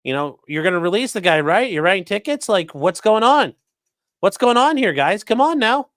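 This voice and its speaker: Man, live stream host, sarcastic, profane, rambling, slightly high voice, dry close sound. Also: big pitch swings, normal speed, a bit bright, no echo. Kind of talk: casual live commentary.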